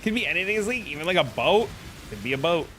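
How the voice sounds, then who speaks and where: A man's voice: fairly high pitch, sing-song, racing, bright, forceful tone, a little hiss or hum. A young man streaming a game, chatting loosely with viewers in slangy, casual talk. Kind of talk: casual live-stream chat.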